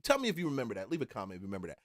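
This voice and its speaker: A man from Philadelphia hosting a reaction channel, telling a casual story in an animated, slang-heavy way with laughing asides. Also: medium pitch, racing, dry recording, studio quality.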